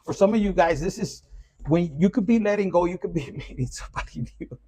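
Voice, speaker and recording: A man's voice: high voice, animated, a little fast, warm tone, husky. A man giving a loose, profane, casual collective tarot reading. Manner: loose and profane, with Spanish slang mixed in. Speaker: tarot reader.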